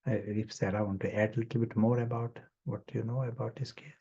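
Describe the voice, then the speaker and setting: A man hosting an online session, introducing videos in an unhurried way with pauses. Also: on the low side, flat delivery, warm tone, husky, dull audio. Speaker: session host.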